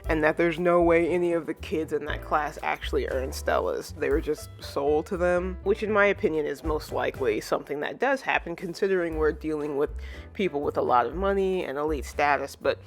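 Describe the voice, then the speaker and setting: A reviewer recapping a manga chapter in a relaxed, rambling way, with many filler words and short acted-out character lines. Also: medium pitch, brisk, faint music behind. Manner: rambling, full of "you know" and "like" fillers; acts out characters' lines when retelling.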